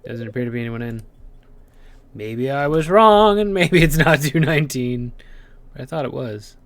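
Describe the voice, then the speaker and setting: A tired let's play host, musing aloud in a low-key voice while playing a detective game. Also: animated, moderate pace. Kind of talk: casual game commentary.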